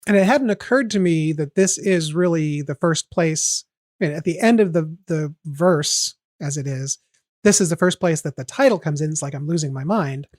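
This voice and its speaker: This podcast host takes a song's melody apart step by step, chatting casually and analytically. His voice sits on the high side with a darkish tone, moving at normal speed. It's studio quality, with no room sound at all.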